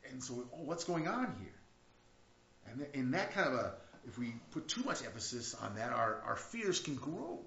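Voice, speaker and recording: In an echoey, dull lo-fi church recording, a pastor preaches a sermon conversationally, often restarting and breaking into rising outcries. His mid-range voice is creaky and fairly bright, with a sing-song lilt at a moderate pace.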